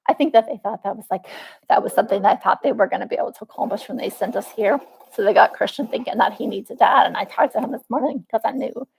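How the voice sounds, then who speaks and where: Woman, 40s, raspy-edged and husky, venting to camera in a meandering, cursing vlog monologue. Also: a little high, a little mellow, low-quality recording. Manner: rambling and profane, with many restarts; aggrieved, venting. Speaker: vlogger.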